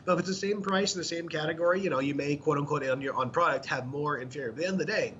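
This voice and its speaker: Fast-talking blunt profane man. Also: on the high side, fairly bright tone. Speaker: podcast co-host, supplement expert. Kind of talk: casual podcast chat. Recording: slightly dull audio with faint ambient noise.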